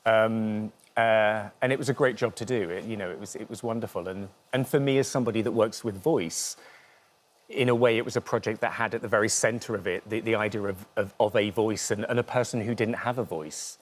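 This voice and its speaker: A man's voice: fairly low pitch, fairly quick. A man with a light Norfolk accent, a dialect coach talking thoughtfully in a TV interview, often restarting his sentences. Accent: Norfolk English. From Norfolk, England. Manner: thoughtful, hesitant with many restarts. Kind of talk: TV studio interview.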